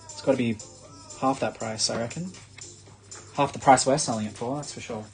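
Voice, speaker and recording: Chatty Australian man, live-stream seller, casual pitch, faint background music. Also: normal speed, gravelly, a little mellow. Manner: chatty sales pitch, full of fillers. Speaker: live-stream shopping host. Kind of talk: live sales stream chat.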